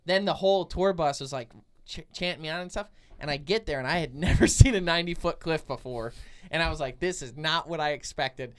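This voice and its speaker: A man hosting a podcast, telling an animated story in casual chat, laughing often and saying 'like' a lot. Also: a little high, quick pace, hardly any pauses. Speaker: podcast host.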